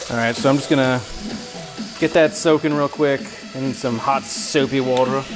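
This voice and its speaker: A man's voice: mid-range voice, steady tone, a little slow. A man chatting and joking to his viewers while he cooks in his home kitchen during a casual livestream. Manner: joking, chatty, talks to himself while cooking. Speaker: livestream cooking host. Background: music.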